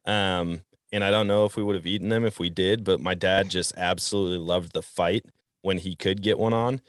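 A man from Wisconsin hosting an outdoors podcast, telling fishing stories in a relaxed way and chuckling often. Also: low-pitched, fairly quick. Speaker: podcast host. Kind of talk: casual outdoors chat.

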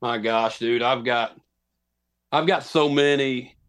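A man's voice: medium pitch, slow, fairly bright tone, clean tone. Guy in his thirties, chatty podcast guest, rambles and laughs at himself. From Tennessee. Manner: rambling, self-deprecating, many restarts. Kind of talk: casual storytelling.

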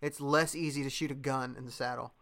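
A man's voice: mid-range voice, fairly even intonation, brisk, crowd noise. A young man in casual chat, a podcast host telling a story in a laid-back way, with lots of fillers and laughter.

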